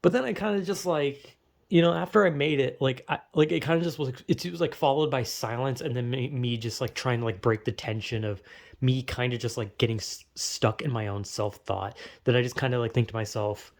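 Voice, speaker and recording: Rambling young man with a gravelly voice. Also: medium pitch, a little fast. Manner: rambling, profane, self-deprecating, with frequent fillers and restarts. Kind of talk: casual self-reflective monologue.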